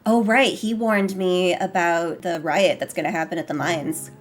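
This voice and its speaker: A woman giving casual, excitable commentary while playing a story game, reading on-screen text aloud. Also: lowish voice, normal speed, soft background music. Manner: bubbly and excitable, gushes over characters; switches to a hushed voice to read game text. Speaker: let's play gamer.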